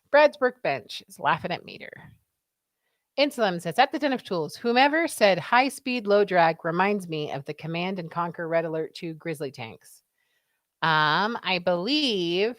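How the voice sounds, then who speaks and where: A woman's voice: fairly low pitch, fairly bright tone, no room sound, studio quality. A woman co-hosting a casual livestream, chatting and reading viewer comments aloud. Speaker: livestream co-host reading chat. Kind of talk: casual chat.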